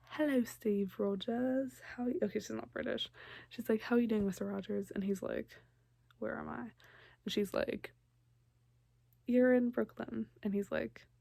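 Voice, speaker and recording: A woman's voice: medium pitch, vocal fry, mellow, dry recording. A young woman casually recapping a movie, filler-heavy and chatty, often acting out the characters' lines. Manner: chatty, lots of likes and ums, acts out quotes. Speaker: vlogger.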